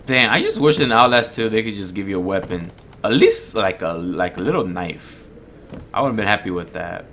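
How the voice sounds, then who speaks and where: A man giving casual let's-play commentary on a horror game, jumpy and swearing, shouting when chased and stumbling when he reads aloud. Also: on the low side, lively intonation, normal speed, a little hiss or hum. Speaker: gamer playing a horror game.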